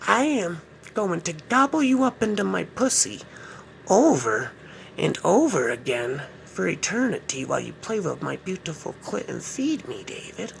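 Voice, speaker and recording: A man voicing a gloating evil female witch who cackles and taunts slowly. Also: sits high, very animated, vocal fry, a little hiss or hum, voice pushed up, exaggerated voice. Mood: taunting.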